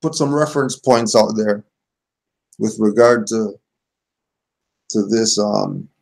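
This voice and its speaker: Speaking slowly in a fairly low, gravelly voice with a slightly mellow edge, this man offers an informal religious teaching. He reads passages aloud, then unpacks them in plain, everyday speech.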